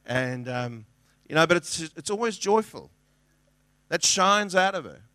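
A man's voice: fairly high pitch, expressive, measured pace, sharp tone, no room sound. A middle-aged man preaching a sermon as a pastor, in a conversational, earnest way with restarts and acted-out quotes.

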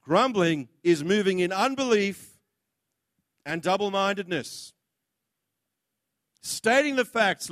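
A man's voice: high-pitched, animated, slow, long pauses, a bit bright, dry recording, clean studio sound. A man preaching a sermon, blunt and impassioned, acting out the words of others as he goes.

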